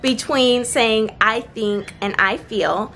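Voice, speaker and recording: Fairly high and slightly bright, with a little hiss or hum in the audio, this young woman's voice delivers confidence tips in a casual vlog. She films outdoors with seagulls nearby, earnest and encouraging, slowing her delivery for emphasis.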